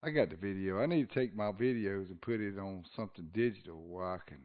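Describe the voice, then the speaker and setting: A man's voice: low voice, fast. Man, folksy storyteller, casual chat, laughs often, dull lo-fi sound. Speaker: podcast host.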